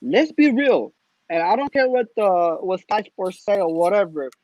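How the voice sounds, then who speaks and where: A man's voice: high-pitched, moderate pace, darkish tone, no echo, dull audio. A man speaking as a guest panelist, ranting in an exasperated way as a fan. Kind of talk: passionate fan rant.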